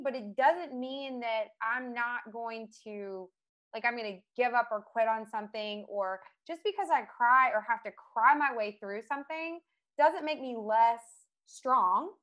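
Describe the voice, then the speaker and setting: A married woman in casual conversation, telling a personal story in a lively, emotional way and laughing often. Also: on the high side, highs cut off. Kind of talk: casual chat.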